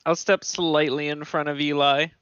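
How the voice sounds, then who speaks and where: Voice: mid-range voice, flat delivery, moderate pace, a bit bright, smooth, lo-fi sound. Practical tabletop player. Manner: plain, practical questions. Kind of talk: casual tabletop play.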